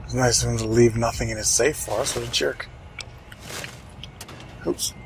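A man's voice: medium pitch, fairly even intonation, moderate pace, creaky, a little hiss or hum, low-quality recording. A man casually commenting on his own gameplay, wry and chatty, muttering to himself and swearing now and then. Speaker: let's play host.

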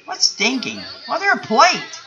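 A woman comments casually on a game and swears freely. Her voice is bright and a little high, with a lively pitch. It comes through a dull, lo-fi home mic. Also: moderate pace, gravelly, slight background noise. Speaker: let's-play host.

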